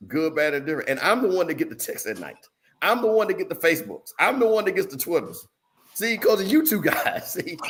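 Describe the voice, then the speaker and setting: A man's voice: a little high, sharp tone, a little hiss or hum. A man hosting a sports talk show, teasing his co-hosts and laughing through a rambling sign-off. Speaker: show host. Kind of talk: casual sign-off banter.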